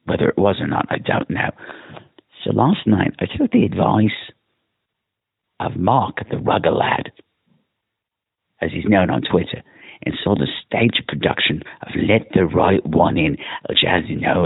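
A podcast host, drunk, leaves a rambling voicemail for himself, hamming up a campy mock British accent. The tinny phone recording carries his low, gravelly, husky voice.

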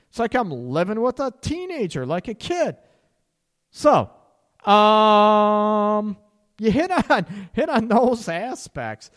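A male radio host giving relationship advice in a blunt, sarcastic way, swearing casually. His voice sits a little high and swings widely in pitch. The recording carries a long, ringing reverb. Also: huge pitch swings, slow, a bit bright.

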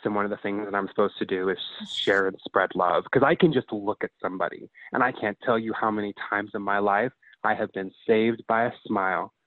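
A man of about thirty speaks as a podcast guest in a low, earnest voice, heartfelt and open, dropping the odd swear word. His voice comes over a tinny, phone-like line that is dry, with no room sound. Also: no echo. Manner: heartfelt, expressive, swears casually. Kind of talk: emotional casual chat.

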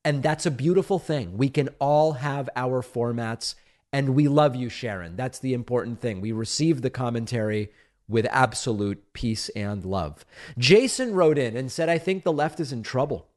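A man's voice: mid-range voice, moderate pace, a little mellow. Argentine-born man hosting a political show. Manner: conversational, emphatic, playfully defensive. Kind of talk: reading and answering listener mail.

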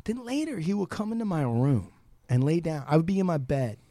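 A man co-hosting a podcast who tells candid stories in an emphatic way and gets loud at times. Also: a little high, very animated, a little fast, no room sound. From Washington state, USA. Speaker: podcast co-host. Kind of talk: candid conversational storytelling.

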